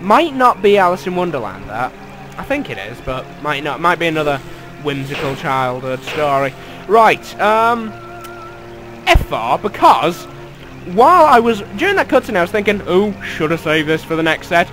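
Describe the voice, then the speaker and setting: A man's voice: a little high, sing-song, moderate pace, faint music behind, poor audio. A young man commentating a video game from his bedroom, sarcastic and sweary. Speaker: gamer. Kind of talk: let's play commentary. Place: bedroom at home.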